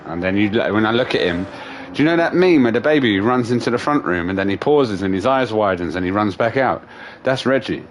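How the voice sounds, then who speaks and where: A man's voice: on the low side, animated, fairly quick, slight background noise. A young man, a livestream host, telling stories in casual chat, laughing often and swearing freely. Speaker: streamer host.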